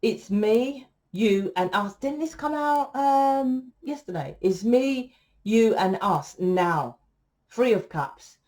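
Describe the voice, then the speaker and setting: A tarot reader gives a casual reading to her viewers, blunt and lecturing, swearing freely. Her fairly high voice has lively intonation and a little mellowness, and she takes it slowly.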